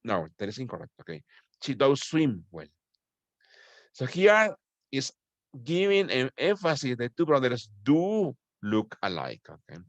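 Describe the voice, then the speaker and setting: A male English teacher works through a grammar point for his class. His pitch rises and falls a lot, and he keeps checking in with his students. The sound is dry and close, with little room echo. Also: huge pitch swings, moderate pace. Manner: explains patiently, checks in with "okay?" often; switches to Spanish to address his students.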